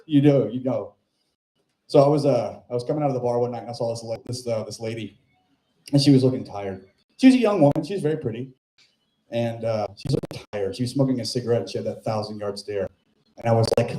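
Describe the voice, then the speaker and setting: A man's voice: medium pitch, expressive, fast, warm tone. A male stand-up comic telling a rambling, self-mocking story on a club stage into a handheld mic. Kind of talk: stand-up set and chat. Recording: echoey club room.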